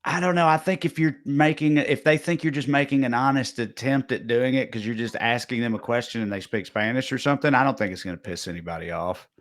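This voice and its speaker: A man's voice: mid-range voice, fast talker, hardly any pauses. A man with a Southern US accent hosting a podcast, talking in a loose, rambling way with many restarts. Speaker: podcast host. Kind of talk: casual comedic chat.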